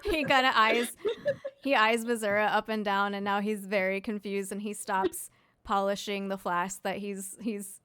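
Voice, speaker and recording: A woman's voice: mid-range voice, steady tone, normal speed, pushed and bright, clean tone. A woman narrating a tabletop game as dungeon master, casual and laughing often.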